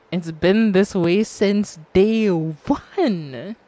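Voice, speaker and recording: A woman's voice: fairly low pitch, drawn-out words, dark tone, dry recording. A woman streaming a game, chatting casually with her audience, teasing and laughing often and swearing freely.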